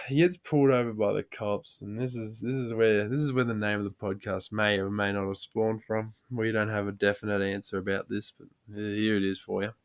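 A man's voice: on the low side, steady tone, moderate pace, fairly bright tone, clear, resonant tone. A man with an Australian accent hosting a podcast, telling a story in a casual way, laughing often and swearing freely. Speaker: podcast host.

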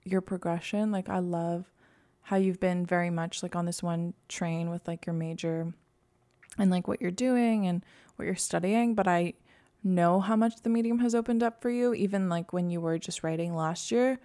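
A woman's voice: fairly low pitch, normal speed, warm tone. A young woman co-hosting a casual podcast, chatty and upbeat, with lots of filler words. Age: young adult. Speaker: podcast co-host. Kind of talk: casual chat.

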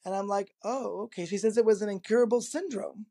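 A man, a guest in an interview, telling a personal anecdote in a lively, casual way, laughing often and acting out the quoted dialogue. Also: high voice, a little fast, vocal fry. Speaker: interview guest, energy healer.

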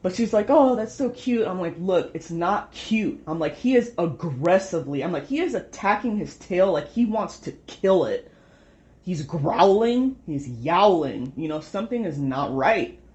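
A woman's voice: on the low side, lively intonation, measured pace, darkish tone. A young woman venting at home in a rambling, frustrated way, swearing often. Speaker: vlogger. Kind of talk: casual venting monologue. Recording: dull lo-fi home recording.

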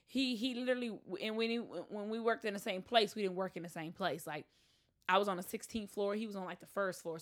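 A woman's voice: mid-range voice, pushed and bright. A bubbly, outgoing woman chatting casually as a co-host. She talks freely and laughs easily. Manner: bubbly, talkative, laughs often. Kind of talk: casual chat.

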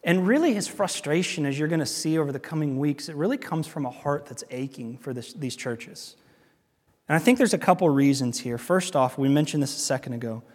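A man's voice: a little high, big-room sound. A male pastor preaching a sermon in a conversational, emphatic way, often repeating his key points.

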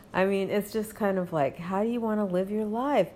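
A woman's voice: medium pitch, dark tone, a little hiss or hum. A woman hosting a podcast, talking in a casual, rambling monologue with many fillers and reassuring "okay?" asides. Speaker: podcast host. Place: home.

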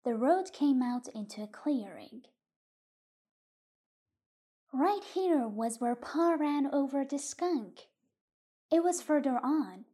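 Woman narrator, calm measured reading, mellow dark tone, slow pace. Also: high voice. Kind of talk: audiobook narration of a literary short story.

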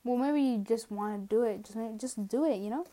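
A woman's voice: a little high, fairly quick, dark tone. Rambling young woman podcasting from home. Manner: rambling, self-mocking, drifts into trailing asides. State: a bit out of breath. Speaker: podcast host. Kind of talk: casual solo rant. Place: at home, indoors.

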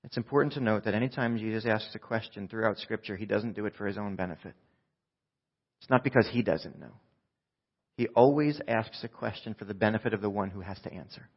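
A man preaching a sermon in a conversational way, swinging from loud shouts down to hushed, quiet speech. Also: on the low side, brisk, slightly rough, muffled recording. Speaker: pastor.

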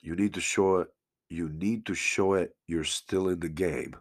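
This low-pitched man hosts a solo podcast in an emotional, casual monologue, earnest and unhurried with fairly even intonation. He swears freely and sometimes gets choked up. The studio-quality sound has no echo.

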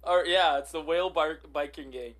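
A man's voice: on the high side, fairly bright tone. Giggly man co-hosting a podcast. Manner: giggly, halting. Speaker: podcast co-host. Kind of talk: casual improv storytelling.

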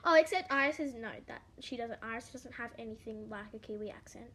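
A woman's voice: on the high side, fast talker, a bit bright, a little hiss or hum. A young Australian woman chatting casually on a video call, rambling with lots of fillers and giggles. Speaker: podcast co-host. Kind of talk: casual chat.

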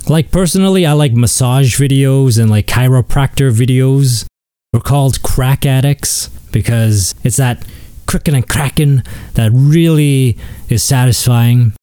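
A man rambles through a crude, sarcastic comedic monologue as a podcast host. His voice is mellow and warm, with a middling pitch. The sound is dry and close, with no room around it. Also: unhurried, smooth, no echo.

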